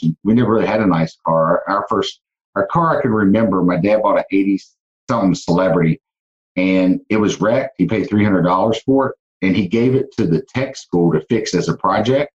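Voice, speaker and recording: A very deep-voiced man with a Southern twang talks about his life as a podcast guest. He tells it earnestly, stopping and restarting often. The sound is dull and lo-fi. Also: moderate pace. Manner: earnest storytelling with many restarts. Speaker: guest, car dealership owner. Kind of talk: casual podcast interview.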